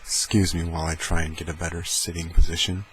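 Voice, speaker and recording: Keeping a level tone, a male ASMR creator talks slowly and gently in a deep voice, playfully rambling as he demonstrates sounds. He's in a room at home with a heater fan running, its hum caught in the low-quality recording.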